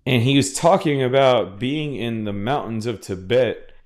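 A male podcast host talks casually and at length in a solo monologue, swearing freely, with plenty of restarts and fillers. His medium-pitched voice is darkish in tone and a little slow.

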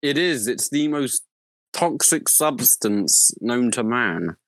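Slow-talking, giggly young man. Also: mid-range voice, lively intonation, a bit bright, dry recording, low-quality recording. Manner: giggly, laughs often, rambling. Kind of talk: casual chat.

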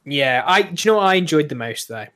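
A man in casual gaming chat who gets excited and acts out sound effects. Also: a little high, quick pace, dry recording, clean studio sound.

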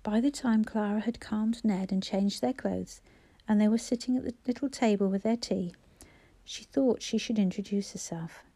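A woman narrating an audiobook in a soft, even storytelling voice on a close mic. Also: mid-range voice, normal speed.

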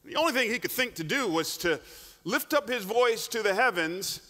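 A man preaching a sermon, telling a story with animated delivery and frequent restarts. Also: high voice, a little fast. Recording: long hall reverb.

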